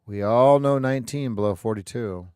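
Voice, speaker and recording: A man's voice: mid-range voice, moderate pace, darkish tone, smooth, no echo, clean studio sound. A man hosting a live trading stream, thinking aloud as he calls price levels and often restarts his sentences. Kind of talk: live market commentary.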